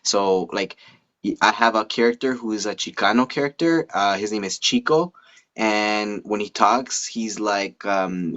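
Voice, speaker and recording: A male comedian hosting a casual live-stream chat, talking haltingly and restarting his sentences. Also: lowish voice, a bit bright, highs cut off. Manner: halting, many fillers and restarts.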